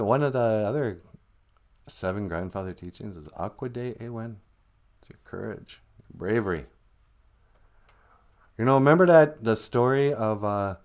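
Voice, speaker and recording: A man talking loosely on his own livestream, wandering from thought to thought and cracking jokes as he goes. His voice sits on the low side. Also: darkish tone, clean tone. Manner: rambling, joking, laughs often. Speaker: livestream host. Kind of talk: casual monologue.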